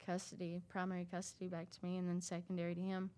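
A woman talks through a personal story, circling back with fillers and restarts. Her voice sits a little low. She tells it in an easy, conversational way. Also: completely flat delivery, darkish tone, smooth. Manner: halting, many fillers and restarts. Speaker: interview guest sharing a recovery story. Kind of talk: casual storytelling.

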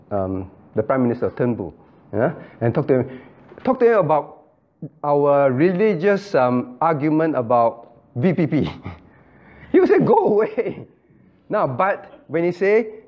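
Lively-voiced pastor leading a Bible study. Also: male voice, on the high side, dull audio. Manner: questions listeners by name, repeats phrases, acts out quoted dialogue. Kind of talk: interactive Bible study teaching.

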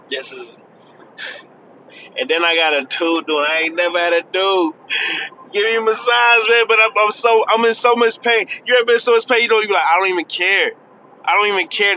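A man's voice: fairly high pitch, sharp tone, lo-fi sound, a little hiss or hum. A man of thirty talking in a casual, chatty vlog from his car, laughing and admitting he is nervous. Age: 30s. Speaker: vlogger. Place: in a car on the freeway.

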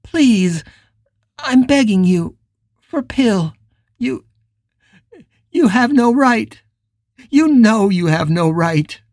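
A distraught woman begging a friend, gentle but insistent, read by a woman narrator. The delivery is slow and dry, the voice lifting slightly above the narration. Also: a little high, lively intonation, no echo, pitched above the performer's own voice, heavily acted.

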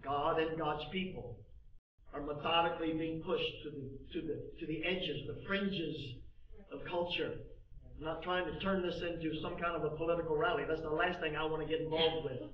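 A man preaching a sermon with passion, swinging between soft asides and loud, emphatic bursts. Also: a little high, fairly even intonation, normal speed, slight background noise. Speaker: pastor. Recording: distant, echoey, dull sound.

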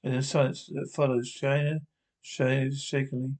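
A man reading a TV episode aloud with descriptions, halting and restarting often. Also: medium pitch, level tone, a little mellow.

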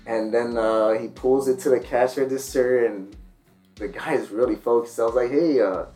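A man's voice: medium pitch, moderate pace, soft background music. A man telling funny stories in a casual podcast chat, acting out the people in them. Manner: animated, acts out the people in his stories.

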